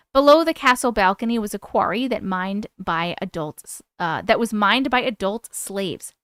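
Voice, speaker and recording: A woman with a fairly high voice hosts a live stream, reading viewers' strange stories aloud. She breaks in with playful asides and chatty comments between passages. The sound is dry and close. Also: fairly bright tone, no room sound.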